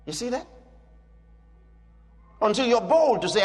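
High-pitched man preaching boldly in a hall. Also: sing-song, normal speed, pauses often, fairly bright tone. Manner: emphatic, repetitive, declarative preaching. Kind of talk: sermon.

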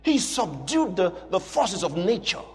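A man preaching a sermon with emphatic, repetitive declarations that rise to shouting. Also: high-pitched, big pitch swings, a little slow. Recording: long hall reverb with faint music.

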